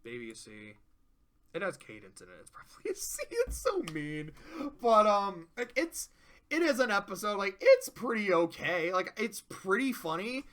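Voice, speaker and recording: A man hosting a casual tier-list review, excitable, swearing freely and laughing often. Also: high-pitched, normal speed.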